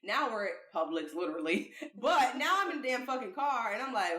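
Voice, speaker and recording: A woman co-hosting a podcast, telling a story in casual, profane, animated chat. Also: on the high side, fairly quick. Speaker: podcast co-host. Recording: echoey room.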